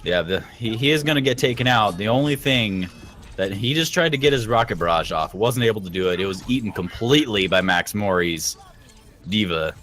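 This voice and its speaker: Lower-voiced man giving esports color commentary. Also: a little fast. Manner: relaxed analytical color commentary, loose and chatty.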